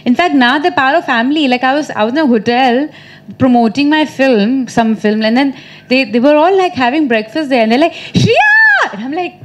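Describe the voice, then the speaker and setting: Chatty woman, animated. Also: high voice, a little fast. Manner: chatty, animated storytelling with laughter. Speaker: actress at a film press meet. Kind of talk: casual press conference answers.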